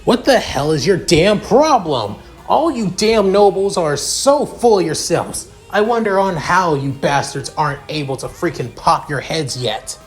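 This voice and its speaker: A man voicing a hot-tempered young male commoner student who shouts and swears with indignation. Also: on the high side, expressive, moderate pace, few pauses, soft background music. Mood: contemptuous.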